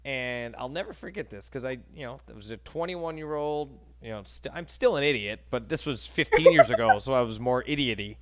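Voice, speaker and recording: New york guy in his 30s hosting a chill interview, big storyteller, laughs a lot, regular pitch. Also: a little fast, hardly any pauses. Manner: animated storyteller, acts out quotes, laughs often. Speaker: host. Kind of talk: casual interview chat.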